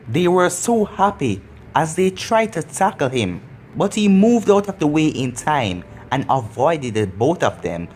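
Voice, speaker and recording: A narrator reading a fan story aloud in a plain, even storybook manner. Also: mid-range voice, slight background noise.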